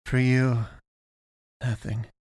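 A man voicing a cold, deadpan young woman who guides the dead, speaking flatly and firmly. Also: medium pitch, slightly rough, no echo, clean studio sound. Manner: flat, curt, slow and firm.

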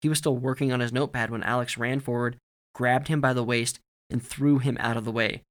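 A man with a mid-range voice narrates a story in a steady, measured reading tone. It's scripted audiobook narration.

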